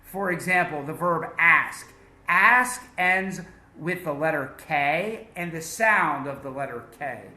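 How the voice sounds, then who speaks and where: Guy teaching pronunciation, slightly high voice, slow and emphatic, roomy echo. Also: expressive, pushed and bright. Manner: slow, deliberate drilling with emphatic repetitions. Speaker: English teacher. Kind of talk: English pronunciation lesson.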